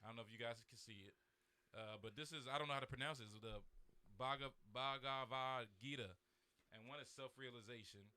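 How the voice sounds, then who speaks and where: A young man co-hosting a casual podcast, his voice sharp and forceful, sitting at an ordinary middle pitch. He tells the story animatedly in loose slang and slips into the voices of the people he met. It is relaxed, chatty storytelling. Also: brisk, clean tone. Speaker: podcast co-host.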